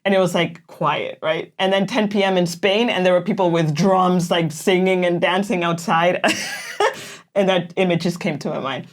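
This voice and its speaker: A woman's voice: on the low side, steady tone, moderate pace. A woman co-hosting a casual chat, talking freely with frequent laughs and fillers. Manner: chatty, laughs often, says "like" a lot. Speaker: co-host.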